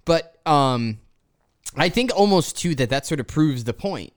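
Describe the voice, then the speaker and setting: A man's voice: fairly high pitch, animated, measured pace. Hesitant man hosting a podcast. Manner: hesitant, restarts a lot. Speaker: podcast host. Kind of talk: casual podcast chat.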